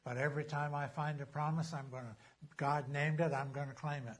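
A man preaching a sermon as a pastor, emphatic, slowing down to read scripture aloud. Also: fairly high pitch, steady tone, husky.

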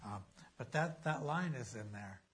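A man preaching a sermon as a pastor, emphatic, slowing down to read scripture aloud. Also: mid-range voice, lively intonation, a bit bright, slight background noise.

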